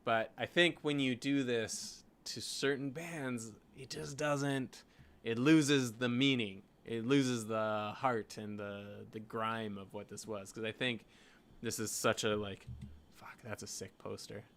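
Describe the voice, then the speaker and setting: In a casual screen-share design vlog, a Canadian graphic designer thinks aloud about his work, saying "like" and "you know" constantly. His mid-range voice is fairly bright, with fairly even intonation and a slow pace.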